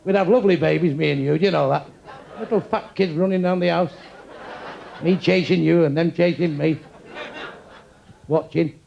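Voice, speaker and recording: An older comedian works the crowd with crude insults and quick one-liners. His voice is gravelly and sits high for a man. The live club recording carries a lot of room noise. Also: dull audio. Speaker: stand-up comedian. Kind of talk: stand-up crowd work. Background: audience laughter.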